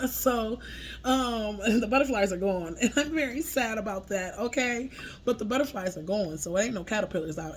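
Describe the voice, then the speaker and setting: A woman talks through her channeled messages in a relaxed, conversational way, laughing often and cursing casually. Her voice sits in a middle pitch, with a faint hum of ambience behind her. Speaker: spiritual medium sharing channeled messages.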